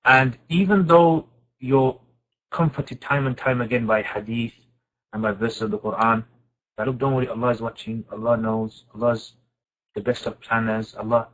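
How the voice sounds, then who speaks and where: A man teaching an informal Quran class, asking his students questions and reciting Arabic verses quickly. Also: mid-range voice, rough recording. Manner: lively, asks the class questions and answers them.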